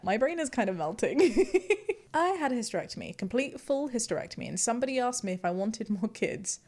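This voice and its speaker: A woman's voice: fairly high pitch, darkish tone. A woman hosting a casual reaction vlog, reading posts aloud and laughing often between remarks. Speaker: YouTuber host.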